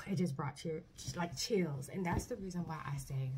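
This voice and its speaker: A woman talking casually to camera about her faith. She speaks earnestly and haltingly, starting sentences over often. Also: low voice, a little hiss or hum. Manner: earnest, halting, soft-spoken with many restarts. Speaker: vlogger. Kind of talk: personal faith testimony, casual talk.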